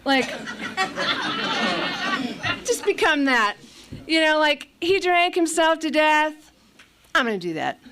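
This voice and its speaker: A woman's voice: sits high, big pitch swings, a little slow, bright, forceful tone, a faint crowd. A middle-aged woman from California giving a candid recovery share at a meeting, blunt, profane and self-mocking, with a lot of fillers.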